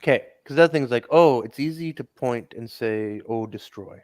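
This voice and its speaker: A man joining a casual podcast chat, talking in halting starts and losing his train of thought. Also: medium pitch, a little mellow.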